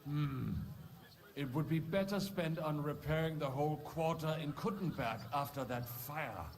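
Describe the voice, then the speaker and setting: A man's voice: on the high side, a little slow. An actor playing a bitter young man in a game who speaks formally and stiffly, set on revenge. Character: grim young male townsman, bent on revenge.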